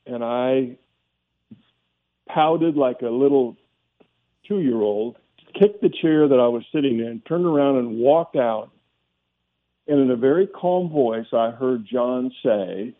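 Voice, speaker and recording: An older man, a former pro football player, recalling a lesson from his coach in a halting, reflective way with many restarts. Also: medium pitch. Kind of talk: storytelling in a phone interview. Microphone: phone. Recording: phone line.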